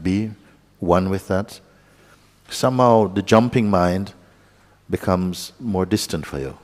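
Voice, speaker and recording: A man with a very low voice speaks slowly and calmly, guiding listeners into quiet contemplation and now and then slipping in a playful aside. His voice rings out in a large hall with a long reverb. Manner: slow, calm guidance with playful asides. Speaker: spiritual teacher. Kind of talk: guided meditation talk.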